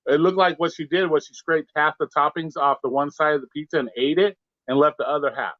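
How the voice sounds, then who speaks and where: A man's voice: a little high, fairly even intonation, brisk, dry recording, highs cut off. Profane heated man telling a story. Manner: profane, heated, acts out quotes. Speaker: pizza delivery driver guest. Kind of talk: casual storytelling rant.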